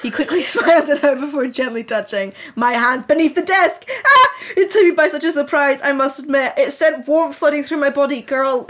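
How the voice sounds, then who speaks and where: Giggly, foul-mouthed woman, a bit high-voiced, reading fanfic aloud and riffing for laughs. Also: a little fast, few pauses. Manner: giggly, swears a lot, stumbles over words. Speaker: podcast co-host reading fanfiction. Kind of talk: comedic read-aloud with commentary.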